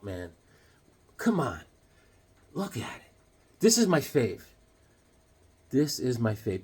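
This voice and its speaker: A middle-aged man vlogging casually, excitable and joking as he talks straight to the viewer. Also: on the high side, slightly rough. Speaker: comic collector vlogger. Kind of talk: casual show-and-tell vlog.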